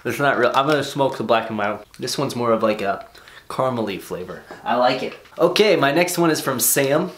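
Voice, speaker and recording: A young man vlogging as he opens fan mail at home, excitable, swearing casually and laughing often. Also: medium pitch, fairly quick, roomy sound, slight background noise. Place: bedroom at home.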